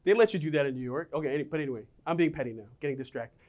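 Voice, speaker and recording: A middle-aged man preaching a sermon, telling personal stories with lively, animated delivery and voicing the people in them. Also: a little high, rapid-fire. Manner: animated storytelling, acts out quoted voices.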